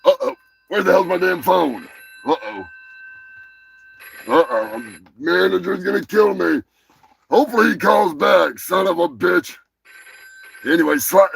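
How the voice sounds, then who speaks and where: A man's voice: high-pitched, expressive, a little slow, creaky, long pauses, pushed and bright, slight background noise. A man hosting a live comedy stream who rambles profanely and keeps correcting himself mid-sentence. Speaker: live show host.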